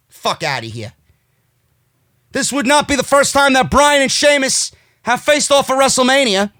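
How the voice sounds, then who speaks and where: A man with a strikingly high, bright voice rants through wrestling commentary, profane and sarcastic, his tone leaping up and down with heat. He sounds close to the mic in a dry, dead room. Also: no echo. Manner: profane, sarcastic and heated, swinging loud. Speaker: wrestling podcast host. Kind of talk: ranting commentary.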